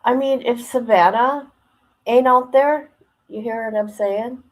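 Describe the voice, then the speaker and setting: A woman's voice: a little high, unhurried, low-quality recording. A woman hosting a casual livestream, chatting colloquially, reading viewer comments aloud and laughing often. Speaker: livestream host.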